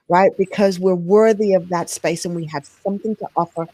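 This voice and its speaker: A woman's voice: on the low side, fairly even intonation, brisk, mellow. A woman hosting a casual talk show, encouraging her guests and repeating phrases for emphasis. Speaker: host.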